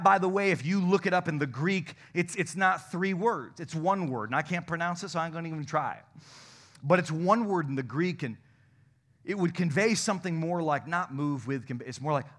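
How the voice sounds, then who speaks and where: A man's voice: a little high, fairly bright tone. A man preaching a sermon from a church pulpit, emphatic, with rising bursts of intensity. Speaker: pastor. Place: church sanctuary.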